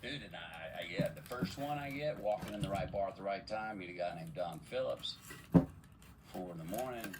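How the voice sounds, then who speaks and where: Low-voiced man telling rambling stories. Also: normal speed, far from the mic, heavy background noise. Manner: rambling, animated storyteller with many restarts. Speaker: podcast guest. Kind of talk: storytelling in casual chat.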